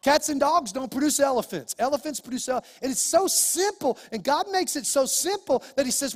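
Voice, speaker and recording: A man's voice: very high-pitched, lively intonation, a little fast, hardly any pauses. A middle-aged man preaching a sermon as pastor, emphatic and repetitive with folksy asides. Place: church sanctuary. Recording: long church hall reverb.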